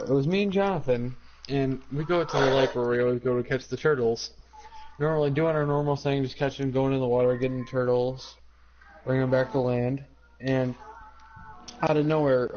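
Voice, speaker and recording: A young man telling a childhood story in a casual chat among friends. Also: darkish tone. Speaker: podcast co-host. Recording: dull low-fi home recording with faint hiss.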